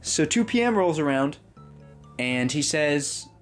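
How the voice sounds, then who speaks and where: A man's voice: fairly high pitch, sing-song, a little slow, soft background music. A man telling a comedy story about a prank, reading chat messages aloud and laughing often. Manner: laughs often, reads both sides of chats.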